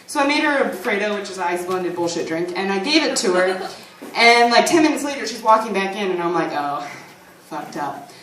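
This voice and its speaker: A woman's voice: mid-range voice, lively intonation, fairly quick, fairly bright tone. A young woman rambling through unprepared stand-up on a small comedy stage, loose and freely swearing. Her voice bounces around an echoey room and reaches the mic from a distance, with a faint hum of ambience underneath.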